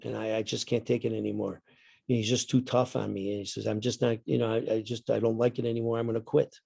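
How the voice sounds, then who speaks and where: A man's voice: fairly low pitch, level tone, fast talker, gravelly, warm tone, breathy edge, dry recording. An older man, a retired coach, telling stories in a rambling casual chat, often repeating words. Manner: rambling, repeats words, acts out his dad in the story. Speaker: guest, retired basketball coach.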